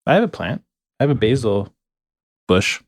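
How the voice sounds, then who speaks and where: A man's voice: medium pitch, big pitch swings, moderate pace, no room sound, clean studio sound. A man chatting with fellow players from a small room at home, laid-back but stubborn when he is contradicted. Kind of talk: casual chat among players.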